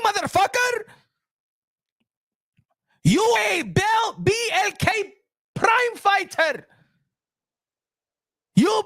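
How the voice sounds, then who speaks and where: A man impersonating a furious, rich male boxing promoter who shouts and swears as he scolds a fighter. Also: extremely high pitch, voice pushed up, exaggerated voice.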